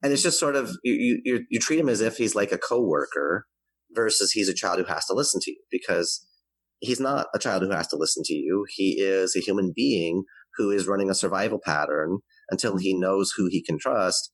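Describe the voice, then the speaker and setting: Male interview guest, very low voice, dry close sound, earnest and explanatory delivery. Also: animated, brisk, dry recording, poor audio. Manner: earnest, explanatory, varies his pace to demonstrate. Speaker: guest expert on parenting. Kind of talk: conversational advice interview.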